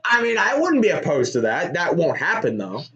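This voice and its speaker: A young man giving live reaction commentary on a college football game, excitable and shouting at big plays. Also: fairly high pitch, moderate pace, highs cut off. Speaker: sports streamer.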